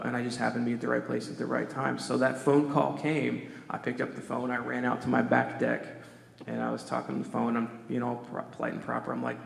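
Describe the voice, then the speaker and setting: Gravelly-voiced man telling a story. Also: mid-range voice. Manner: animated, casual storyteller with many "like"s. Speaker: panel speaker. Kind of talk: storytelling panel talk. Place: large convention hall. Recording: echoey convention hall.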